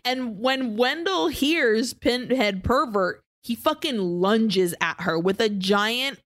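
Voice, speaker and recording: A woman co-hosting a podcast, casually recapping a film plot as an animated storyteller who swears freely. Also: a little high, slow pace, no echo, studio quality. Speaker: podcast co-host.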